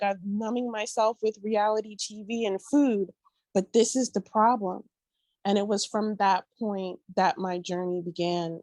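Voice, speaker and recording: Animated woman telling a personal story. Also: mid-range voice, no room sound. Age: 30s. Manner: animated, emotional, bursts of exclaiming. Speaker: podcast guest.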